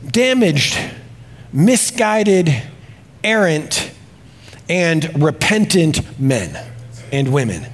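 A male pastor preaching a sermon in a confessional tone, swinging between hushed reflection and exclamation. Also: a little high, very animated, very slow, long pauses.

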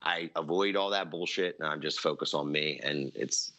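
A man's voice: rumbling low, moderate pace, bright, forceful tone, dull audio. A man joking around in profane, casual podcast chat.

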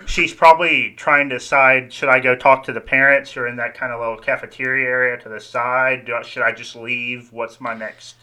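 Game master, male, easygoing rambling narrator with a very bright tone. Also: mid-range voice, fairly quick, hardly any pauses, clean tone. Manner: relaxed, rambling, hedging.

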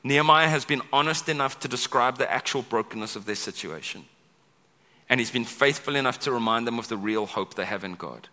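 Forceful, bright-voiced male pastor preaching. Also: medium pitch, brisk. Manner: conversational, keeps asking "right?"; acts out quoted speech with big vocal swings. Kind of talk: sermon. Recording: long hall reverb.

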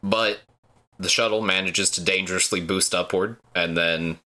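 A man's voice: low voice, steady tone, moderate pace, pushed and bright. A man co-hosting a podcast, casually recapping an anime plot with dry jokes. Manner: laid-back, sums up plot beats, dry jokes. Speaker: podcast co-host.

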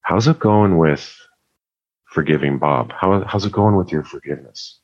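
A man voicing his soft-spoken father, who urges his son calmly and earnestly. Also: low-pitched, normal speed. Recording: muffled lo-fi sound.

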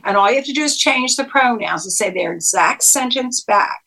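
Female psychologist guest, bright tone, instructive and explanatory. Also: fairly high pitch, expressive, moderate pace, vocal fry, poor audio. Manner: instructive, quizzes the listener, acts out quoted lines. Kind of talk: interview explanation.

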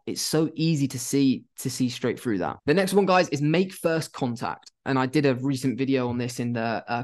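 A young man with a mid-range voice talks straight to the camera about running his agency. He is blunt and animated and swears now and then. He acts out phone calls with clients as he goes. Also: medium pitch. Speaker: agency owner giving business advice. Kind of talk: casual talking-head advice.

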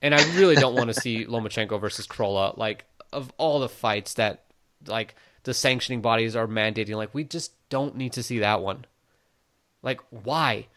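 A man co-hosting a casual sports podcast, talking in an opinionated, animated way with many "like" fillers. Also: mid-range voice, normal speed. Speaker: boxing podcast co-host. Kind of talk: casual conversational commentary.

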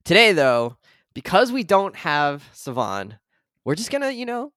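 A man's voice: high-pitched, measured pace, no echo, clean studio sound. A man in his thirties co-hosting a podcast, chatting casually and laughing often. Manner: laughs often, relaxed rambling. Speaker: podcast co-host. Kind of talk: casual chat.

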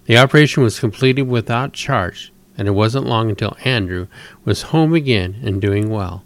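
A man hosting a show, reading a story aloud in a steady, measured way. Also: fairly low pitch. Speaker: host.

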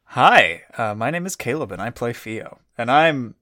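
Relaxed male player, mid pitch, easy banter. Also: moderate pace. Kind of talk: casual podcast banter.

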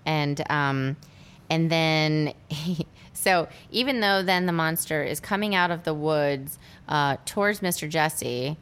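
Woman, low voice, chatty film recap, lots of "like". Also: takes it slowly, clean tone. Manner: animated retelling with many "like" fillers. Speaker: podcast co-host recapping a film. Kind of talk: casual chat.

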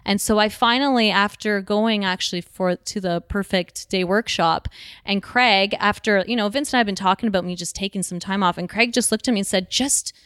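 A woman's voice: mid-range voice, a little fast, a bit bright, clean tone, no echo, studio quality. A woman in her thirties talking earnestly as an interview guest, with many restarts and rambling sentences. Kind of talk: casual conversation.

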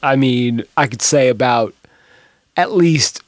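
A man hosting a podcast in a casual chat, laid-back and quick to laugh. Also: medium pitch, no room sound, studio quality. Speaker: podcast host.

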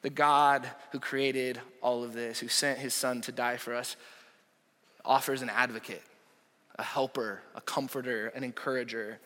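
A young adult man, a pastor preaching a sermon, impassioned, rising to loud peaks and dropping to near whispers. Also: mid-range voice, steady tone, normal speed. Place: church auditorium. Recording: echoey hall reverb.

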